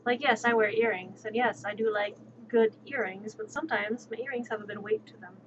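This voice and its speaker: A woman livestreamer chatting casually and outspokenly while she plays, with quick, sassy asides. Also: on the high side. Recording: dull lo-fi stream audio with steady background noise.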